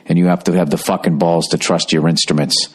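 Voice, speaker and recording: A man's voice: low-pitched, flat delivery, a little fast, breathy edge. A middle-aged man from the United States hosting a podcast, telling stories in a casual, profane, rambling way. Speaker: podcast host.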